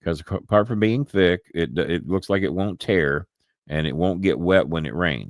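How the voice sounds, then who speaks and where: An older man with a Southern accent hosts a live podcast, his voice sitting very low. He rambles, restarts words and chuckles often. The sound is dry, with no room echo. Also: expressive, moderate pace. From Louisville, Kentucky. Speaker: podcast host. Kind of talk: casual live-stream chat.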